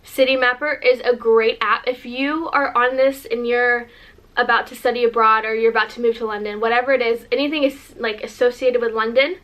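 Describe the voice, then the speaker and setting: A woman's voice: fairly high pitch, steady tone, fairly quick, a bit bright. A woman from Northern California, chatting in a gushing, rambling vlog with lots of likes. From Northern California, USA. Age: 20s. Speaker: vlogger.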